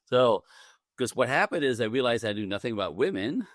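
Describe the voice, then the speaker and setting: A man's voice: medium pitch, very animated, brisk, dry recording, clean studio sound. A man, a relationship coach, telling a personal story in a casual podcast interview, acting out the quoted lines with big swings in his voice and laughing often.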